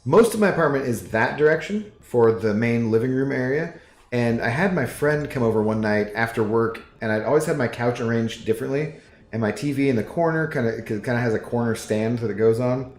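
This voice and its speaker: A man's voice: mid-range voice, animated, brisk. A man streaming a game from his apartment, chatting in a laid-back, rambling way and reading viewers' chat aloud. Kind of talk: casual live-stream chat while gaming. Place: apartment living room. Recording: roomy echo with faint music.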